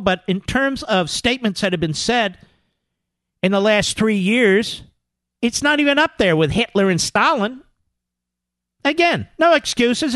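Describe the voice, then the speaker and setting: A man's voice: high voice, fairly bright tone, no echo, studio quality. A man hosting a political talk radio show, sarcastic and emphatic, repeating words and mocking opponents in put-on voices.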